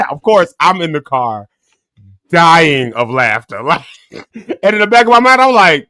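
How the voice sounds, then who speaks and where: Animated man telling stories, laughing often. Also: on the high side, unhurried, no room sound. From Illinois, United States. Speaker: morning show host. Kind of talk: casual storytelling chat.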